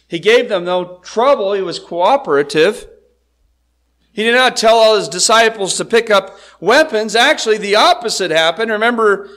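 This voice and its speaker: Male pastor with a high voice, preaching in an easy, chatty way that keeps drawing the congregation in. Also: pushed and bright. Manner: conversational, asks the congregation "right?". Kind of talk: expository sermon.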